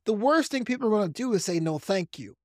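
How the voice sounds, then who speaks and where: A man from New York with a softened Brooklyn accent, a comedian guest on a podcast, talking fast in an animated, practiced radio-style way. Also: high-pitched, dry recording, clean studio sound. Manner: self-described fast talker. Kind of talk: podcast interview.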